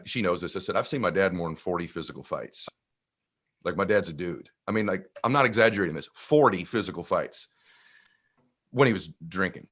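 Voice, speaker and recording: A man telling a personal story in an energetic, conversational way as a podcast guest. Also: low voice. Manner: energetic, conversational, acts out voices. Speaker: guest speaker.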